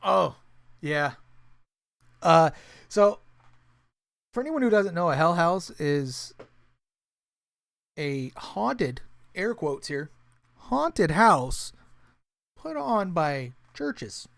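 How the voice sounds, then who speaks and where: Male podcast co-host, lively storyteller who swears a lot, dry close sound. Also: fairly high pitch, extremely slow, vocal fry, pauses often, no echo. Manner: animated storyteller, swears freely, acts out quotes. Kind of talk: casual storytelling chat.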